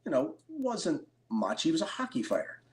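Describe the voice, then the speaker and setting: A middle-aged man from Philadelphia, a card collector and interview guest, telling stories with excited bursts. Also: a little high, normal speed. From Philadelphia, USA. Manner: animated storyteller, excitable bursts. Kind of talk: storytelling interview.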